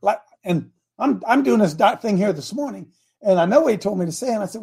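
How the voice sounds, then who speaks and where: Husky man preaching fervently. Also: sits high, expressive, darkish tone. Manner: emphatic, repeats key words slowly, addresses helpers by name. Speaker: coach leading a Christian talk show. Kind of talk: fiery preaching-style talk to viewers.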